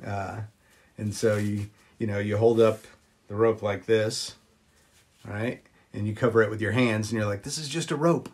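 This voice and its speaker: A man chatting casually on a live stream, greeting viewers and filling pauses with ums as he shows old magic props. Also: flat delivery. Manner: chatty, greets viewers, jumps up high on exclamations; frequent ums and uhs. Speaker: vlogger showing magic props.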